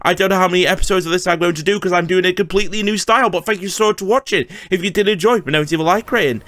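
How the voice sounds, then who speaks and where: A man's voice: high-pitched, racing, a bit bright, no echo. A man giving casual, swearing commentary over his strategy game and talking back at the computer players. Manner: swears, talks to enemy AI lords in frustration. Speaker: gaming YouTuber.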